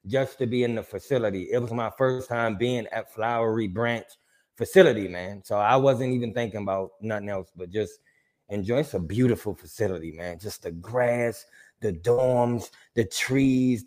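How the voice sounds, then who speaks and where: A man's voice: medium pitch, moderate pace. A man co-hosting a casual podcast chat, telling stories with lots of swearing and acted-out quotes. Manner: animated storyteller, swears freely, acts out quotes. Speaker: podcast co-host.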